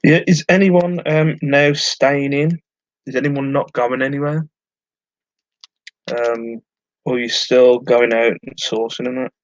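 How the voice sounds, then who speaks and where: A man's voice: medium pitch, steady tone, unhurried, no room sound, poor audio. Chatty man humming while packing. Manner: chatty, hums to himself while working. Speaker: online reseller streaming live. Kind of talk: casual live-stream chat while packing orders. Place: at home, indoors.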